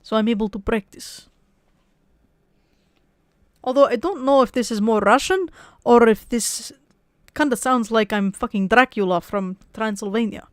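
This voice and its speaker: A woman voice actress chatting casually on a livestream, rambling with frequent restarts and soft laughs. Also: fairly high pitch, normal speed, pauses often, dry recording, clean studio sound. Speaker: voice actress and streamer.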